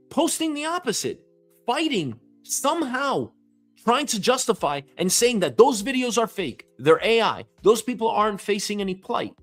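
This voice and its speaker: A man hosting his own show from home, delivering an angry, profane, emphatic rant. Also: high voice. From New York City. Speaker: host. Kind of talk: ranting commentary.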